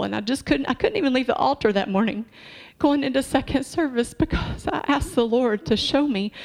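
A woman's voice: fairly high pitch, a little mellow. Conversational woman preacher. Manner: conversational, asks the congregation questions. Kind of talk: sermon. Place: church.

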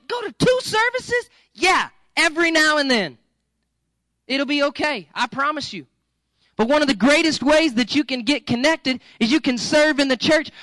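A male pastor preaching a sermon in a lively, joking, conversational way that coaxes the congregation. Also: very high voice, no room sound, poor audio.

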